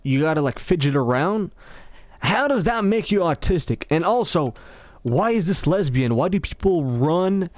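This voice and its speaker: A man with a high, bouncy voice rambles through a mocking story as he commentates over a game. He stumbles and restarts his sentences, and the pitch swings widely from line to line. The sound is dry and close, with no room around it. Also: expressive, moderate pace, dry recording. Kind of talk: casual storytelling over gameplay.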